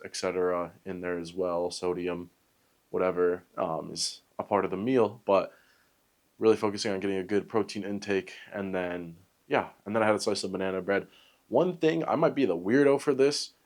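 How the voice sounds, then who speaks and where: A young man talking casually to camera for his fitness vlog, rambling and upbeat with lots of fillers and little self-jokes. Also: low-pitched. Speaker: fitness vlogger.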